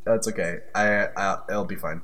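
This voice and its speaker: A man's voice: low voice, fairly even intonation, moderate pace, bright, forceful tone. A young man co-hosting a casual podcast, chatty and loose, often stumbling over his words. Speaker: podcast co-host. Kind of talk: casual chat.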